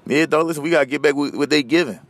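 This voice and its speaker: Animated ranting Philly man. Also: very fast, no echo. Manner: animated, profane, rambling, shifts between loud outbursts and low muttering. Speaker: podcast host. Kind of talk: casual solo rant.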